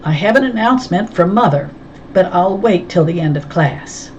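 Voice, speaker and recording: A woman's voice: lowish voice, lively intonation, moderate pace, darkish tone, muffled recording, a little hiss or hum, pitched above the performer's own voice, lightly acted. A woman voicing a smug, spoiled sixth-grade girl who talks self-importantly.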